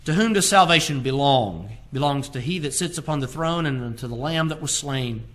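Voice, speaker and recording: A man preaching a sermon as pastor, reading scripture aloud and moving between forceful emphasis and low, quiet delivery. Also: animated, fairly quick. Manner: emphatic preaching, reads scripture aloud in King James wording; rises in force on key phrases, drops low and quiet on others.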